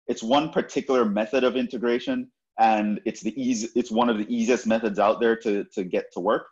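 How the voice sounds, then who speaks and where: A man's voice: on the low side, fairly even intonation, brisk, darkish tone, muffled recording. A man lecturing on math, explaining step by step and often checking in with "right?". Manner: explanatory, repeats points, frequent "right?" checks. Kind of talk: university lecture.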